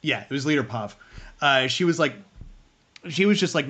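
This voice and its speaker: A man's voice: medium pitch, expressive, normal speed, fairly bright tone. A man co-hosting a casual review show, talking in long rambling stretches with many restarts. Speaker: podcast co-host running the stream.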